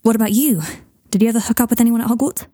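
A woman voicing an awkward, earnest young man who talks in a hesitant, hushed way in a storybook reading. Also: on the high side, steady tone, very fast, dry recording, clean studio sound, pitched above the performer's own voice, lightly acted.

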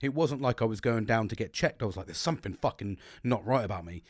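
A man's voice: lowish voice, lively intonation, fast talker, slightly rough, no echo, clean studio sound. A young man hosting a podcast, talking bluntly and rambling, with plenty of swearing. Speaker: podcast host. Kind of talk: candid solo podcast monologue.

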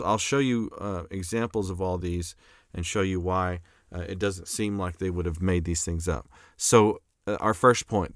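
A man's voice: deep voice, fairly bright tone, dry recording, clean studio sound. A young man giving a conversational lecture, reading scripture aloud, with frequent fillers and restarts. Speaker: apologetics lecturer. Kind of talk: casual recorded lecture.

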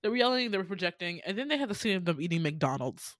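A woman chatting casually as a podcast co-host, recapping a TV drama in a lively way and acting out the characters' lines. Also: lowish voice, fast, no echo. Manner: animated, acts out character lines.

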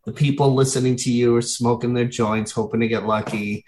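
A man's voice: medium pitch, fairly even intonation, brisk, darkish tone, roomy sound, slight background noise. A man appearing as a guest commentator, giving his opinions in an emphatic, insistent way and piling up repeated phrases.

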